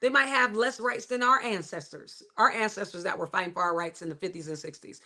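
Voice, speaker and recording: A woman's voice: mid-range voice, brisk, few pauses, bright, forceful tone. A middle-aged woman, hosting a livestream and giving a motivational faith talk with emphatic, repetitive phrasing. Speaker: livestream host.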